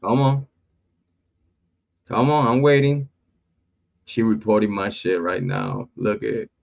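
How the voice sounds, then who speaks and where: A man's voice: fairly low pitch, fairly even intonation, unhurried, vocal fry, darkish tone. Mocking man hosting a live stream, lo-fi audio. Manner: mocking, laughing, profane. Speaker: livestream host. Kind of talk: casual livestream commentary.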